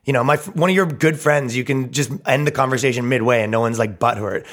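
A man's voice: mid-range voice, brisk, fairly bright tone. A man hosting a comedy podcast, ranting in a brash, mocking and profane way. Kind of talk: crude ranting podcast talk.

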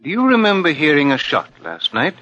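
An actor playing a calm, persistent detective asking measured questions in a 1950s radio drama. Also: male voice, a little high, exaggerated voice. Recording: lo-fi old radio broadcast.

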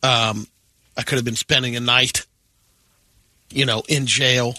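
Male radio sidekick, wry interjections, bright forceful voice. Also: medium pitch, flat delivery, unhurried, dry recording. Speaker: radio co-host. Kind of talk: casual talk radio banter.

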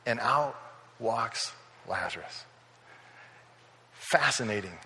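A man's voice: medium pitch, expressive, slow pace, bright, forceful tone, in a large hall. A male pastor preaching a sermon in a casual, storytelling way, acting out the people in the scripture. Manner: conversational storytelling, acting out quoted voices.

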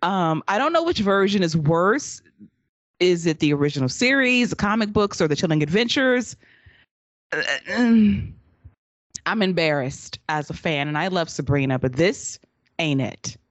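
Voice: medium pitch, animated, normal speed, no room sound. Laughing, sarcastic wrestling podcast host. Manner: sarcastic, laughs often while telling. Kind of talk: casual wrestling recap chat.

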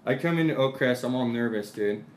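A young man co-hosting a podcast, telling animated stories in casual banter and saying "dude" over and over. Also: mid-range voice, brisk. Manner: animated storyteller, says "dude" constantly, acts out quotes. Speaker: podcast co-host. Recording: roomy, faint background hiss.

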